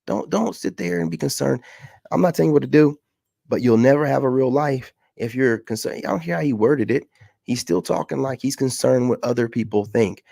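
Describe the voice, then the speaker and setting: A man's voice: mid-range voice, a little fast, creaky, dark tone, no room sound, clean studio sound. A man hosting a casual reaction commentary, blunt and lecturing, repeating himself for emphasis. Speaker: commentary host.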